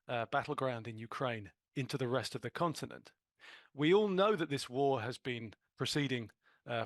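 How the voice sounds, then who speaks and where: A man moderating a policy webinar, speaking in measured sentences with frequent "uh" fillers. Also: medium pitch, a bit bright, dry recording. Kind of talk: opening remarks for a policy webinar.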